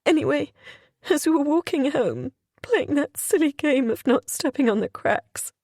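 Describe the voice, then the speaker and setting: A woman's voice: sits high, animated, moderate pace, a little mellow, no echo. A woman reading a first-person audiobook in an emotional, confessional way, close to a studio mic. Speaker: audiobook narrator.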